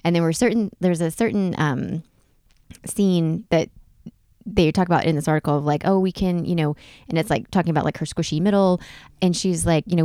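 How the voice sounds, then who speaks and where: Woman co-host with a lowish voice, lively and profane in casual chat, recorded dry. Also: a little fast, no room sound. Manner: animated storyteller, swears freely, jumps into high exclamations. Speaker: podcast co-host.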